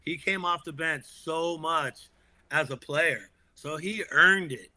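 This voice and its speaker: A man with a very bright, forceful voice, pitched a little high for a man. He co-hosts a casual sports talk show, speaking in an animated way, laughing often and restarting sentences. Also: slow pace. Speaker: podcast co-host.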